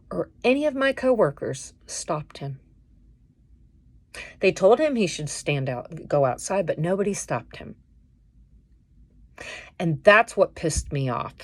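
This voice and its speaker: A woman's voice: mid-range voice, no echo. A woman vents indignantly in a casual vlog, taking her time over each phrase. Her voice is close and dry, with no room sound around it. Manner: indignant, venting, animated retelling. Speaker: vlogger.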